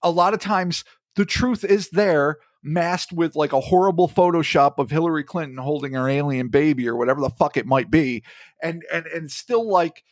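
A man talks casually on a podcast, his voice sitting a little high and coming across dry and close. He rambles and swears freely, stacking up asides as he works through a thought. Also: normal speed, no echo. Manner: profane, rambling and animated. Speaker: podcast co-host. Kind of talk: casual chat.

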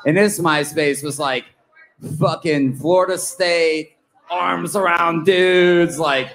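A man at a live bar-venue interview, telling stories in a loose, profane, animated way with joking banter. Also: fairly high pitch, slow pace, rough recording. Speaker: reality TV guest.

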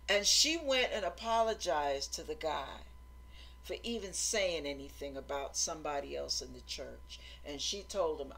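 A woman's voice: deep voice, normal speed, creaky, a bit bright, a little hiss or hum. A middle-aged woman giving an informal Christian sermon in an earnest, exhorting way, repeating phrases for emphasis. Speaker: Christian teacher.

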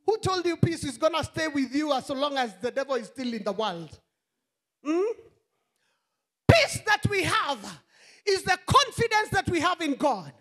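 A woman pastor delivers a fiery sermon in a high, wildly swooping voice. She lingers over her words at an unhurried pace, then bursts into shouts and drops back to low murmurs, punctuating her points with hallelujahs and rhetorical questions. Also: big pitch swings. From Kenya. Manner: impassioned preaching, swinging between shouts and low murmurs.

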